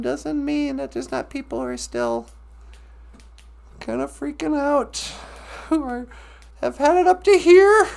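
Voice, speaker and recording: In a high, creaky, somewhat mellow voice, a woman storyteller relates a traditional tale about animals. The telling is humorous, chatty, and conversational.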